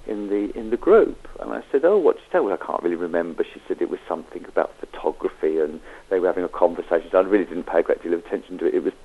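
Male guest, low voice, anecdotal storyteller who voices his quotes. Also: very fast, vocal fry, hardly any pauses, breathy edge, narrow, tinny audio. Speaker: medium. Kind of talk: storytelling interview.

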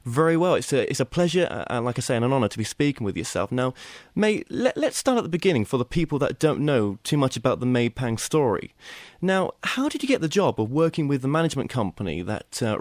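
In studio-quality sound with no room echo, a man hosts an interview show, introducing his guest and asking questions in a friendly, conversational way. His medium-pitched voice is sing-song and brisk, with hardly any pauses, plus some fillers and restarts.

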